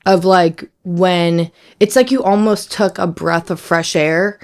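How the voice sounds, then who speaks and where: A young woman in her twenties speaks in a somewhat low voice, reflective and halting. She sounds emotional and close to tears as she opens up in a candid podcast conversation. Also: steady tone. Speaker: daughter, guest.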